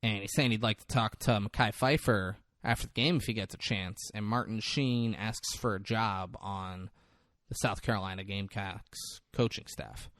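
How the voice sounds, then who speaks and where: Animated man recapping a movie. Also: lowish voice, normal speed, no echo, clean studio sound. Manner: animated, swears, acts out movie lines in big voices. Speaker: podcast co-host. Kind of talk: casual movie recap chat.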